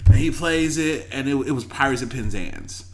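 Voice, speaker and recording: A man's voice: medium pitch, normal speed, slight background noise. A man in casual chat, telling a personal story and acting out the voices of the people in it. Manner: lively storyteller, acts out quoted voices.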